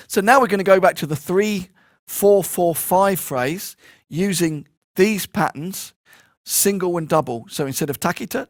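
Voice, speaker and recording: Male percussion teacher, fairly high voice, dry close mic, talks through then recites syllables crisply. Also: normal speed, no echo. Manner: explains plainly, then recites rhythm syllables in loud crisp bursts. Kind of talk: instructional konnakol lesson.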